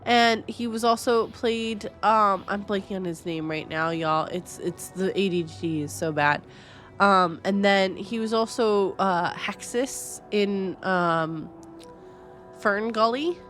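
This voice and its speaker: A woman's voice: medium pitch, takes it slowly, a bit bright, soft background music. A woman gaming streamer giving casual reaction commentary, chatty and rambling, laughing often.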